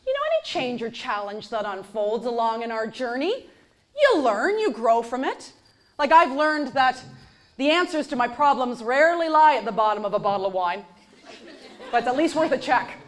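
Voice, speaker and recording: A woman performing a stand-up comedy set on stage, with a punchy, sarcastic delivery and deadpan asides. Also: a little high, normal speed. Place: comedy stage before a live audience. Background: audience laughter.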